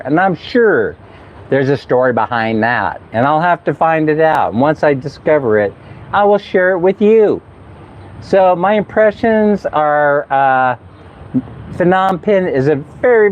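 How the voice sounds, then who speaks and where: A man talking casually in a travel vlog, chatty and laughing often as he tells stories. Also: on the high side. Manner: chatty, laughs often, mimics people for fun. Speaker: travel vlogger. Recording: slightly dull outdoor recording.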